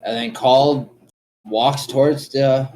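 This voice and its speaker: Slow-paced male game master. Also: mid-range voice, fairly even intonation, noisy background. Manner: slow, loose narration with fillers. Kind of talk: narrating a tabletop game.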